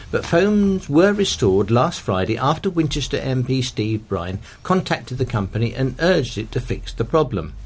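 A man reads local news stories aloud with care. His pitch sits in the middle range but moves a great deal, rising and falling through each sentence. His delivery is measured and steady. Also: breathy edge. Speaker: volunteer news reader.

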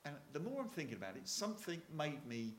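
A man's voice: on the high side, very animated, fast talker, roomy sound, slight background noise. Older Hampshire man telling stories. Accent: Hampshire English. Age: 60s. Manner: chatty storyteller with frequent restarts and chuckles. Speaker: retired Royal Marine speaker. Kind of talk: anecdotal talk to an audience.

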